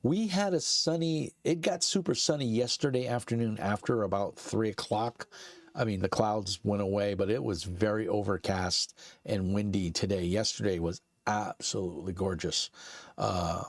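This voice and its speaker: A middle-aged man with a Brooklyn New York accent rambles through a casual live-stream chat, full of fillers and easy laughs. His voice sits very low and gravelly, with a husky edge. The sound is close and dry, recorded at home in his basement. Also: moderate pace, no room sound. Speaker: streamer and channel host.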